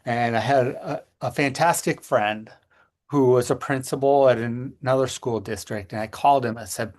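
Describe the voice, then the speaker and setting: Earnest middle-aged man recounting a scare. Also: mid-range voice. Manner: earnest, halting, with frequent restarts. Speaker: podcast co-host. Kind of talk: personal storytelling in casual chat.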